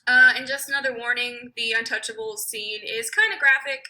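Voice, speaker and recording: Bright-voiced young woman narrating film analysis. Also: a little high, normal speed, low-quality recording. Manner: relaxed, with fillers. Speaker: video essay narrator. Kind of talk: casual film analysis commentary.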